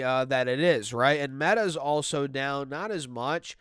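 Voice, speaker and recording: A man's voice: medium pitch, measured pace, fairly bright tone, clean tone, no echo, clean studio sound. A man hosting casual stock market commentary, sounding nasal from a stuffy, allergy-clogged nose, talking energetically to his viewers and thinking aloud with fillers. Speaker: stock market video host.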